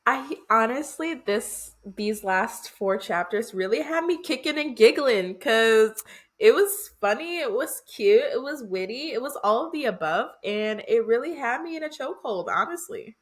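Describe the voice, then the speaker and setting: A woman co-hosting a book podcast, retelling chapters in a lively, casual way and laughing often. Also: fairly high pitch, moderate pace. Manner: animated retelling with quoted voices and laughter. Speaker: podcast co-host.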